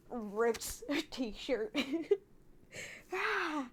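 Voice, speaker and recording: High, lively woman streamer. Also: slow pace, slight background noise. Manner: laughs often, swears freely, animated and exaggerated. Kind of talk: casual live-stream chat. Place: her own room.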